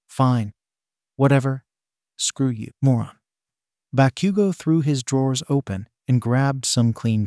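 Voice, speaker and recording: A man reading fan fiction aloud as narrator, with steady storytelling. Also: mid-range voice, dry recording, clean studio sound.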